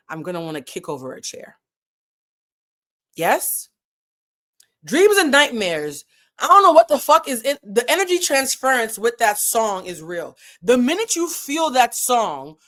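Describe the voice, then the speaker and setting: A woman's voice: mid-range voice, sharp tone. A woman hosting a casual commentary vlog, talking animatedly and with lots of profanity, addressing her viewers directly. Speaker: host.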